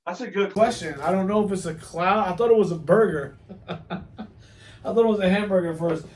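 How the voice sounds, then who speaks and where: A man's voice: sits high, brisk, a little mellow, far from the mic. A man hosting a casual toy unboxing, joking and teasing his guest, laughing often. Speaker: toy reviewer host. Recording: roomy, from off-mic.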